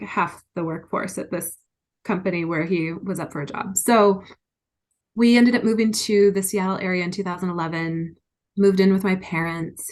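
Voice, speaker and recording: Female guest, middle-aged, lower-pitched, frank and emotional storyteller. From United States. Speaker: interview guest. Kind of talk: candid personal storytelling.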